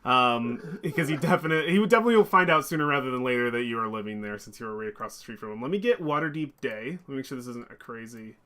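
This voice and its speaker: A man's voice: medium pitch, expressive, fast talker, few pauses, fairly bright tone. A man running a tabletop game as dungeon master, chatty and upbeat, with many ums and restarts.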